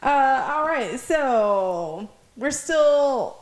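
A woman's voice: high voice, animated, extremely slow. A woman co-hosting a casual show recap, chatty, laughing often and acting out scenes in quoted voices. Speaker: podcast co-host.

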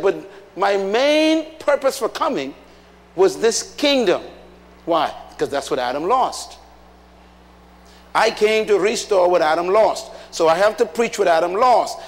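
A man preaching a sermon, emphatic, putting questions to the congregation. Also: sits high. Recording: long hall reverb.

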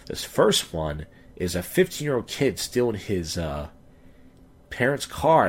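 A drunk man in his thirties talks into his podcast mic late at night. His voice sits low and husky. He rambles through a profane story and his pitch shoots up whenever he gets heated. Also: sing-song, unhurried. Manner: profane, rambling storytelling, voice jumps up when ranting. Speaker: podcast host and stand-up comic. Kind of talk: casual rambling podcast monologue.

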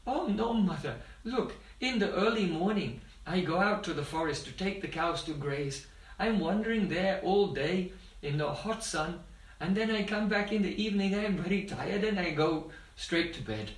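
A man voicing a pleading young boy, higher and louder. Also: animated, a little fast. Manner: pleading, protesting. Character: tearful young boy pleading innocence to his mother. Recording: roomy, distant mic.

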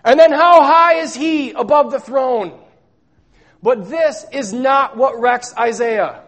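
A male pastor preaching a sermon, stressing words loudly and repeating them, then dropping to hushed, low lines. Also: slow. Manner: emphatic, swinging between loud stresses and hushed low lines.

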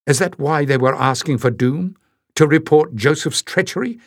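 A man's voice: on the high side, moderate pace, no echo, clean studio sound. A man reading a fantasy novel aloud as audiobook narrator, telling the story steadily. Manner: steady storytelling, switching into character voices. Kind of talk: scripted narration.

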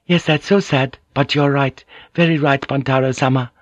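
Deferential young noblewoman, put on by a male narrator, soft, soothing, eager to please. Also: medium pitch, steady tone, moderate pace, no room sound, highs cut off, voice pushed up, lightly acted. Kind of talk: audiobook character reading.

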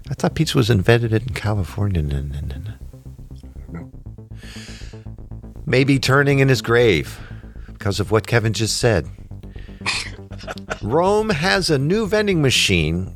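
A man co-hosting a casual podcast, reading odd news stories and cracking deadpan jokes. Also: on the low side. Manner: joking, deadpan asides. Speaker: podcast co-host.

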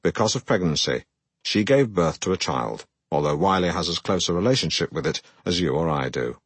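An actor playing a pompous, self-regarding middle-aged broadcaster who narrates his own memoir in a deadpan way. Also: sits low, brisk, breathy edge, dry recording, heavily acted. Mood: self-important. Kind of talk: comic audiobook narration.

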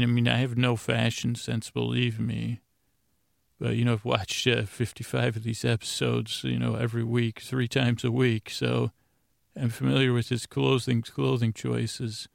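A man's voice: medium pitch, vocal fry, no echo, clean studio sound. A man hosting a podcast, casually recapping a TV episode in a rambling way with many restarts.

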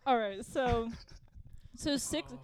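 A woman's voice: a little high, slow pace, a little mellow, slight background noise. A woman co-hosting a casual podcast, reading her notes aloud between laughs. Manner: reads prepared bits aloud with frequent laughs. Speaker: podcast co-host.

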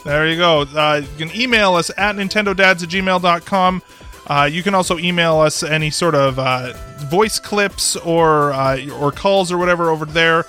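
A man's voice: a little high, normal speed, bright, forceful tone. A man hosting a podcast in upbeat casual chat, leading each segment. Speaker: podcast host. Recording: music faintly behind.

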